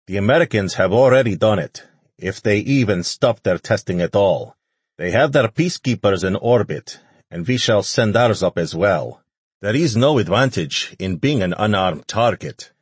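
A man's voice: lowish voice, lively intonation, normal speed, husky, no room sound. A man voicing a stern male president who speaks in firm, declarative statements. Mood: resolute.

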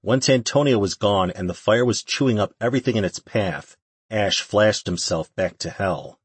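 A man with a very deep, husky voice reads scripted audiobook narration at a normal speed, keeping a steady, even delivery. The recording is close and dry, without any room sound.

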